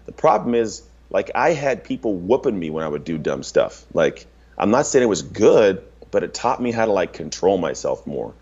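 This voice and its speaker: A man's voice: fairly low pitch, darkish tone, slightly rough, dull audio. A man in his thirties talking bluntly and emphatically as an interview guest, with lots of casual filler and swearing. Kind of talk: candid interview talk.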